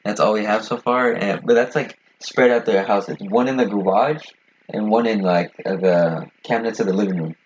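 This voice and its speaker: A young man chatting casually on an amateur podcast, talking quickly and piling up fillers and curse words as he goes. His voice sits on the low side, and the recording is dull and lo-fi with a faint hiss behind it. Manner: fast-talking, rambling with fillers and swearing. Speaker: podcast co-host. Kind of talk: casual chat. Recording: dull lo-fi sound with faint noise.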